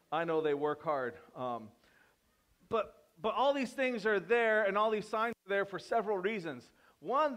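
Man, slightly high voice, pastor, church sermon, casual teasing, emphatic quiet drops. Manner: conversational, teasing the congregation by name.

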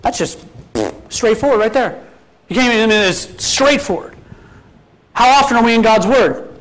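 A man's voice: very high voice, moderate pace, a bit bright, poor audio. A man preaching a sermon as pastor, talking casually and putting many questions to his congregation, with scripture quotes mixed in. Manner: quotes scripture at an easy speaking pace.

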